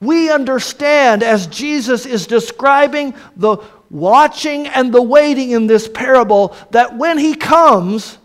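Male preacher, very high voice, unhurried sermon delivery, emphatic with soft trailing stresses. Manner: slow, emphatic delivery that drops soft on key words.

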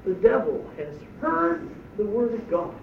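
A man's voice: high-pitched, very animated, a little slow, slight background noise. A man giving a sermon as a pastor, preaching emphatically with rhetorical questions. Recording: echoey distant dull church recording.

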